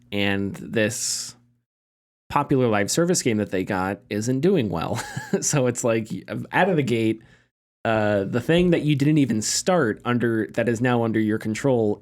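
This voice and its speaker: A man's voice: mid-range voice, darkish tone. Podcast host guy, regular voice, chatty, hedges a lot. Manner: conversational, hedging, thinks aloud. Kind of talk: casual podcast discussion.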